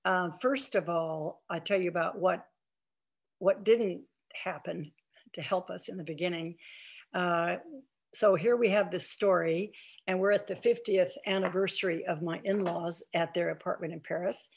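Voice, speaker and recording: A woman's voice: on the low side, steady tone, moderate pace, breathy edge. An older woman giving an author talk over a video call, telling anecdotes in a chatty way with many fillers and restarts. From Iowa, United States.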